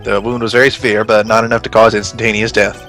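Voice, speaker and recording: A man's voice: fairly low pitch, level tone, quick pace, gravelly, fairly bright tone, faint music behind. A man voicing an eager, bumbling male police detective who keeps saying sir while testifying in a game. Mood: earnest. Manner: deferential, adds sir often.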